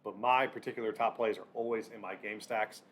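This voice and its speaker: A man hosting a casual sports picks breakdown, talking in halting bursts with lots of fillers and restarts. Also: fairly low pitch, fairly even intonation, a bit bright, a little hiss or hum. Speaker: sports betting channel host.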